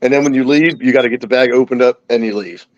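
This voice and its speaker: A man in his forties, a talk show guest, telling stories in a casual, lively way and acting out the voices of the people in them. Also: medium pitch, fast, no room sound, dull audio. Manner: animated anecdote teller, acts out quoted voices. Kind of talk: casual storytelling.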